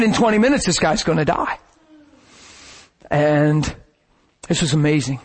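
A man delivers a sermon as a lively spoken story. His voice sits a little high and sounds husky. He tells the story with dramatic swings, now and then shouting or laughing. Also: a little slow. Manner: animated, dramatic retelling with bursts of shouting and laughter. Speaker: preacher.

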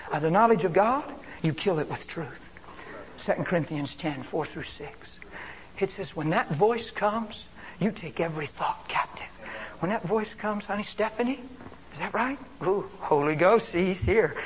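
A man preaching a sermon with animated delivery, swinging between loud exclamations and hushed asides. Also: sits high, husky.

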